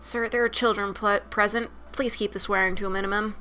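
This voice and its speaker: A woman's voice: mid-range voice, fairly even intonation, fairly quick, sharp tone, soft background music, close to an everyday voice. A woman reading the lines of a polite young woman working at an arcade, courteous and firm, in her own voice.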